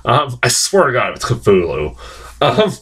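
A man's voice: mid-range voice, wildly swooping pitch, unhurried, heavy background noise. A young man giving a casual, rambling film review, swearing often and getting worked up as he talks.

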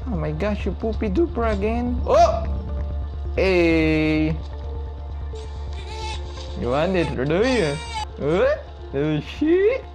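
Goofy let's-play commentator, drawn-out delivery, sudden shrieks, faint music underneath. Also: medium pitch. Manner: excitable, shrieking exclamations and goofy teasing. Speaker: gaming video creator. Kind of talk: playthrough commentary.

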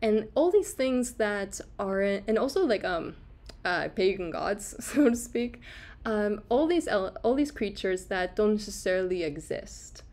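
A woman's voice: medium pitch, expressive, measured pace, darkish tone. A woman hosting a casual livestream lecture on art, chatty, with frequent laughs and fillers, answering viewer comments as she goes. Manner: chatty, laughs often, many fillers and restarts. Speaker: host giving an art lecture.

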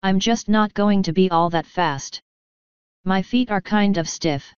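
A woman's voice: medium pitch, measured pace, smooth, dry recording, close to an everyday voice. A woman voicing a shy, hesitant male pony who feels stiff and out of place. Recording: slightly dull, lo-fi.

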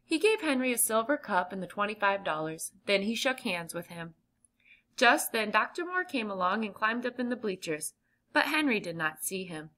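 A woman reading a children's chapter book aloud with clear, gentle emphasis. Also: medium pitch, big pitch swings, moderate pace. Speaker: audiobook reader. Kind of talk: children's storybook narration.

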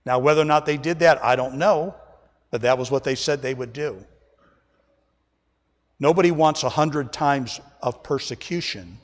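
A man's voice: medium pitch, normal speed, long pauses, in a large hall. A man preaching an emphatic sermon as pastor, often calling the congregation folks, recorded during a church service. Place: church sanctuary.

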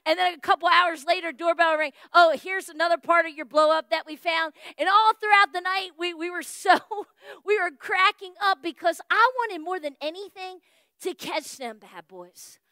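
A woman pastor with a drawl tells a story from the pulpit, acting out every line of dialogue. Her voice sits very high and rings bright. The sound is close and dry, with no room echo. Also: moderate pace. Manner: animated, folksy storytelling with acted-out dialogue. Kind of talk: storytelling sermon. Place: church.

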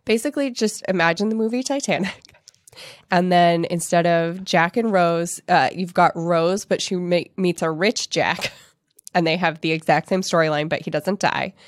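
A woman co-hosting a podcast, talking fast and laughing often as she retells a book in casual chat. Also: lowish voice, no room sound, studio quality. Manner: quick, laughing, animated retelling. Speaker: podcast co-host.

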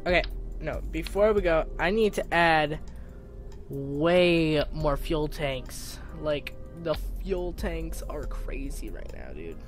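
A man giving casual, excitable commentary while playing a video game, talking to himself and bursting into cheers, his voice cracking now and then. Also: on the high side, takes it slowly, faint music behind. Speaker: gaming video creator. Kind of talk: casual let's-play commentary.

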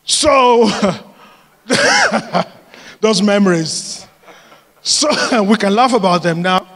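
A male pastor preaches with a notably high voice, mixing scripture with lively personal stories and frequent laughter. His words ring out with the long reverb of a large church hall. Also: extremely slow. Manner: lively, laughs often while telling stories. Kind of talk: sermon with personal storytelling.

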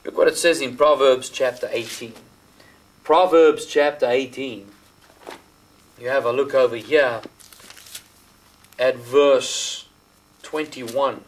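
A man with an Australian accent preaching a sermon as host, stressing key words by slowing down and guiding listeners to underline verses in their Bibles. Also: medium pitch, fairly even intonation, poor audio. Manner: talks the listener through marking up the Bible. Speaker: pastor.

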